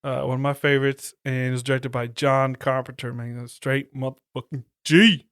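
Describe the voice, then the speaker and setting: A man hosts a casual horror movie chat, talking in a laid-back, profane, slang-heavy way. His voice is smooth and resonant, recorded dry and close. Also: mid-range voice, fairly even intonation, normal speed, fairly bright tone, dry recording. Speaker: podcast host.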